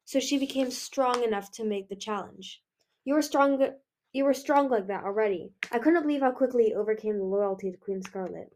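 A woman's voice: a little high, fairly quick, darkish tone, a little hiss or hum, lightly acted. A woman voicing a sly male dragon who speaks dryly. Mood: nervous. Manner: dry, explaining.

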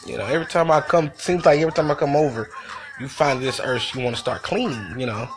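A man's voice: medium pitch, fast, a little hiss or hum. A man hosting his own show, telling a venting story in a loose, profane, conversational way. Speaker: podcast host.

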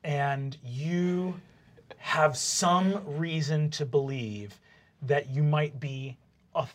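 A man's voice: fairly high pitch, extremely slow. A man narrating a tabletop game as game master, casual and hesitant with many fillers.

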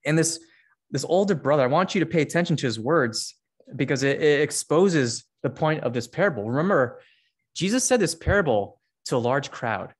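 A young man giving a casual, conversational sermon, reading scripture and acting out the characters with lively jumps in pitch. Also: moderate pace, breathy edge. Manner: conversational, many fillers, acts out characters with rising pitch. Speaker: preacher.

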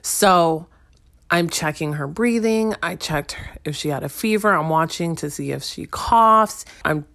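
A woman's voice: sits low, unhurried, creaky, a bit bright, dry recording, clean studio sound. A woman in her thirties, a stay-at-home mom, telling a casual wry story straight to her listeners.

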